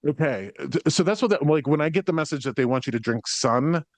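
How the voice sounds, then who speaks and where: A man's voice: fairly high pitch, animated, brisk, no echo. A man working as a psychic medium, giving a spirit reading to a sitter in a rambling, hesitant way, full of ums and likes, swearing when relaying the spirits.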